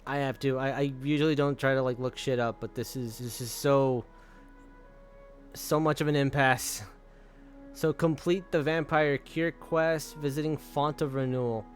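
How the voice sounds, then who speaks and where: A man's voice: mid-range voice, fairly even intonation, moderate pace, faint music behind. A young man streaming, casually telling a rambling story with frequent laughs and swearing. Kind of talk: casual storytelling while gaming.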